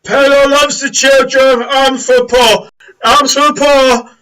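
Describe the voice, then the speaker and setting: A man voicing a giant, simple-hearted young man who calls out for alms slowly and loudly in a sing-song way, high above his own voice. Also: level tone, recorded from a distance, exaggerated voice, rough recording. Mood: fervent. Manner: slow, loud, sing-song calling out.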